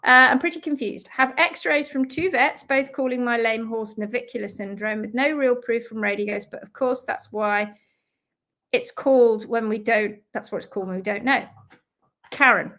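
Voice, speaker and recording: A woman hosting a live stream, chatting casually as she greets viewers and reads out their comments. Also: a little high. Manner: lively and talkative, with quick asides. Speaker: host of a live stream on hoof care.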